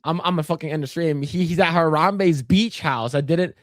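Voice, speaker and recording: A man co-hosting a livestream tells a long story in loose, profane chat, full of restarts and stammers. His voice is a little high and fairly quick, captured in a dry, studio-quality recording.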